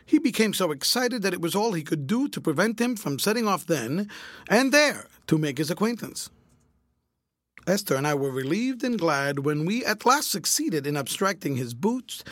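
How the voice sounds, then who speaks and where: A man narrating a classic novel aloud in a measured, clear storytelling manner. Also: a little high, no echo. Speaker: audiobook reader.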